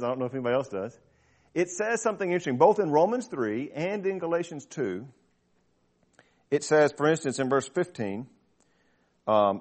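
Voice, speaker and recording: Relaxed man teaching a Bible class. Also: mid-range voice. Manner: relaxed, explains verses plainly and checks in with listeners. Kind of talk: conversational Bible study teaching. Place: small group class.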